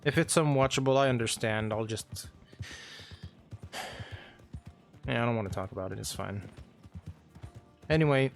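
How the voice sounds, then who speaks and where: Slow-talking male streamer catching up his chat. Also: medium pitch. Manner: unhurried recap, hesitant with frequent ums. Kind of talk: casual chat with stream viewers.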